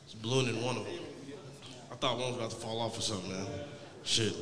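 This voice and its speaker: A man in his late twenties doing a stand-up set, laid-back and rambling, heavy on profanity and a little high. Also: steady tone, fast talker, long reverb tail, a crowd in the background. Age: 20s. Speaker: stand-up comedian.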